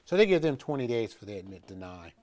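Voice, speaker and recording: A man's voice: fairly low pitch, very animated, quick pace, a little mellow. A middle-aged man teaching in an informal, conversational way, pressing his points firmly and often restarting his sentences. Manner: conversational and emphatic, with frequent restarts and fillers. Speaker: instructor of an educational video series. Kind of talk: informal instructional talk.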